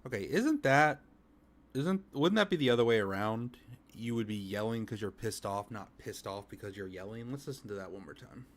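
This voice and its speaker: A man's voice: on the low side, animated, fairly quick. A man hosting a stream and reacting to clips with dry, mocking commentary.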